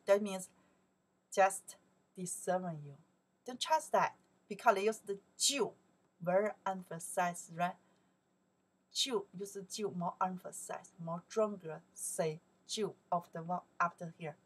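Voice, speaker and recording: Slow-talking woman with a Chinese accent. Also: mid-range voice, slightly rough. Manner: explains in simple English, sings lyric lines slowly. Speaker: Chinese teacher. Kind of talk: slow song lesson for learners.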